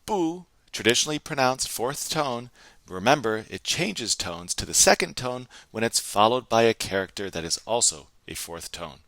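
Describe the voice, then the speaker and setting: A man teaching a recorded language lesson, slowly and clearly modeling phrases and repeating them for students to practice. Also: mid-range voice, lively intonation, a bit bright, dry recording.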